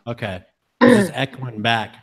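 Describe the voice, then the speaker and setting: A man hosting a group call, speaking in a relaxed, practical way while sorting out audio trouble. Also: medium pitch, moderate pace, crowd noise. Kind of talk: casual call chat. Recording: call audio with clear background noise.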